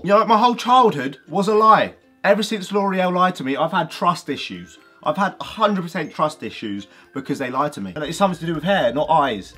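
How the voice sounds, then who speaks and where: Lively young vlogger, fairly high voice. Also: male voice, brisk, husky, faint music behind. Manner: energetic, jokey, swears freely, acts out bits. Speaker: YouTuber. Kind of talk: comedic vlog monologue.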